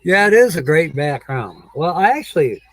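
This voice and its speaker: A man hosts a casual livestream, reading viewer comments and chatting with an easygoing air, rambling and chuckling often. His fairly high voice is animated and moves at a moderate pace, though the audio quality is poor.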